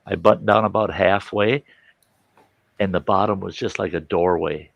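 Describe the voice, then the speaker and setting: Host, male, gravelly low voice, animated storyteller who does the family voices, dry close sound. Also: moderate pace, no room sound, muffled recording. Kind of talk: casual storytelling.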